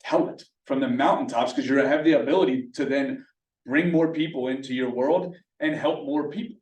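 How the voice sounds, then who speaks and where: A man leading a real estate team meeting, coaching agents in an energetic way with rhetorical questions. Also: mid-range voice, normal speed. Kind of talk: motivational team meeting talk. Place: meeting room. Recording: roomy, from a distance.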